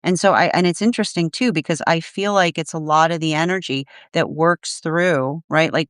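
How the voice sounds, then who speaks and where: A woman's voice: low-pitched, dry recording, clean studio sound. A woman giving a live tarot energy reading, searching for words, restarting often and tagging points with a questioning "right?". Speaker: tarot reader.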